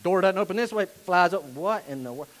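Animated high-voiced male preacher. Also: a little fast. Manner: animated, rises to shouting. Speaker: pastor. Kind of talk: sermon.

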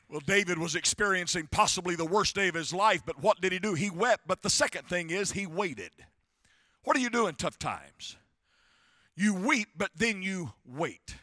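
A male preacher, voice pitched high and ringing bright. He tells stories and climbs to shouted crescendos. The recording is close and dry. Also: expressive, moderate pace, dry recording. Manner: rising to shouted crescendos, storytelling. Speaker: pastor. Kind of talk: sermon. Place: church.

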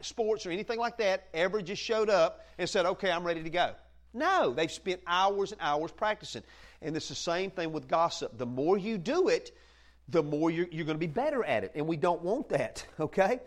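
A man preaching in a loose, folksy way, his voice sitting a touch higher than most men's. He keeps it lively and conversational, moving between plain teaching and playful asides to the room. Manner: folksy and animated, acts out quoted voices, laughs often. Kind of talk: conversational sermon. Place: church meeting room with listeners.

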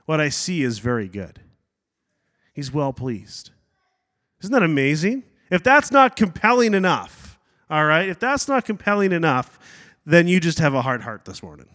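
A man's voice: fairly high pitch, animated, moderate pace, fairly bright tone. A man pastor giving a sermon, preaching with energy, adding asides and acting out quotes. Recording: long hall reverb.

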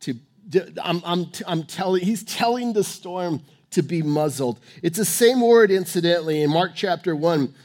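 High-voiced preacher man, emphatic. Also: animated, normal speed. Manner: emphatic, swinging between loud urging and hushed tones. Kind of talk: sermon.

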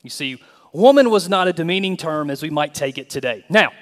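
A male pastor preaching a sermon in an animated, emphatic way with touches of humor. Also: on the high side, fairly quick, big-room sound.

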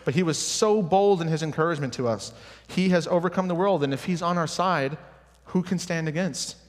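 A young adult man giving an earnest, personal sermon in a church, now and then restarting his words. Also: fairly high pitch. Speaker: preacher. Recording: hall reverb.

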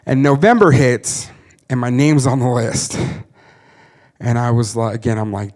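A man in his thirties tells his story as a missionary, earnest and candid, with quick laughs at his own expense. His voice sits at an ordinary middle pitch for a man. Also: a little mellow. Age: 30s. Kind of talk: personal testimony story.

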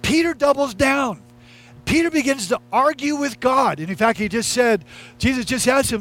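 High-voiced male pastor preaching. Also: animated, normal speed, fairly bright tone. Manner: conversational, emphatic preaching with repetition. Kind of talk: sermon.

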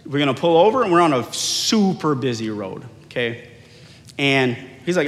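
A middle-aged male pastor preaching a sermon, telling personal stories with animated acted-out dialogue. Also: a little high, normal speed. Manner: animated storyteller, acts out quoted dialogue. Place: large church hall. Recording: long hall reverb.

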